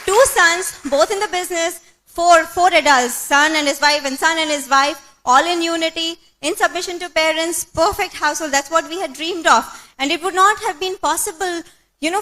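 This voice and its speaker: A woman's voice: very high voice, bright, forceful tone. A woman giving an earnest motivational talk at a business meeting, with frequent fillers. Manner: earnest, many "okay" and "um" fillers.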